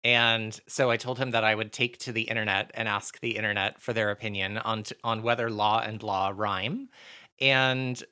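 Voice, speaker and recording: Guy cohosting a podcast, joking at himself, bright sharp voice. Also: on the low side, steady tone, normal speed. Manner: playful, self-deprecating, laughs often. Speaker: podcast co-host. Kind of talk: casual chat.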